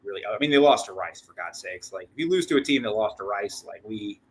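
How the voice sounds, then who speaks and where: A man's voice: on the low side, lively intonation, quick pace, breathy edge, rough recording. A man hosting a casual postgame sports show, rambling with restarts and repeated words, short of breath. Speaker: sports podcast host.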